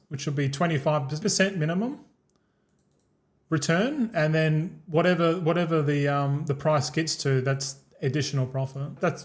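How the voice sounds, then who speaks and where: An Australian man in his thirties chatting casually while streaming a game, rambling and swearing freely with frequent laughs. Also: on the high side.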